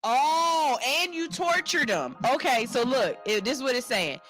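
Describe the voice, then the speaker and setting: A woman hosting a morning radio show, reading a news story aloud and riffing on it with animated jokes. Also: sits high, measured pace, dry recording, soft background music. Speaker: radio host. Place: radio studio.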